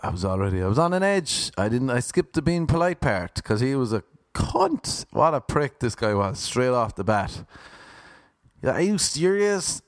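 A man's voice: medium pitch, very animated, normal speed, hardly any pauses, no room sound, studio quality. A man casually telling his viewers a profane, ranting story. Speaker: vlogger.

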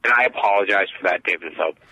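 A man's voice: low-pitched, fast talker, pushed and bright, breathy edge, dry recording, rough recording. A man co-hosting a podcast, bickering and apologizing in exaggerated, defensive comedic banter. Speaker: podcast co-host.

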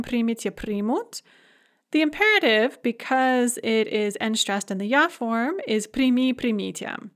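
A woman with a slightly high voice teaches a recorded grammar lesson. She is clear and methodical and walks through each verb form in careful, orderly lists. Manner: clear, methodical, drilling word forms in lists. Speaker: language teacher.

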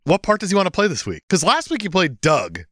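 A man banters on a comedy podcast, teasing his co-host with mock outrage. His slightly high voice swings a lot in pitch, and the recording is dry and close. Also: huge pitch swings, fast talker, fairly bright tone, no echo. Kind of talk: casual comedic chat.

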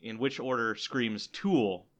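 A man's voice: medium pitch, slow, fairly bright tone. A man on a casual podcast, reading out a listener question with a hesitant delivery. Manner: hesitant, many fillers. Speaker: podcast co-host.

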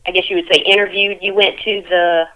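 A woman's voice: mid-range voice, level tone, a little fast, bright, forceful tone, low-quality recording. A woman interviewing someone over the phone, playful and teasing, laughing often.

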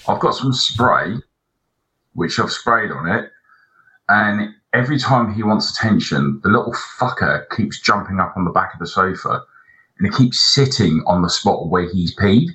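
Low, bright-voiced man, swearing. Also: lively intonation, normal speed, low-quality recording. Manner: rambling anecdotes, heavy swearing. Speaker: podcast co-host. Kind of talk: casual chat.

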